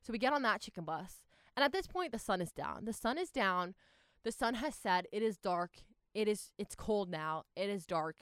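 A young woman in her twenties telling a travel story in a casual, animated way, full of "like" and exasperated asides. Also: medium pitch, moderate pace, clear, resonant tone, no room sound, studio quality.

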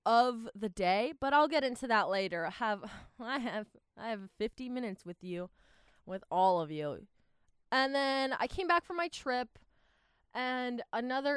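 A young woman from Southern California talking casually to her viewers in a rambling, animated vlog with lots of fillers and restarts. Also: on the high side, smooth, dry recording, clean studio sound. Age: young adult. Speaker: vlogger.

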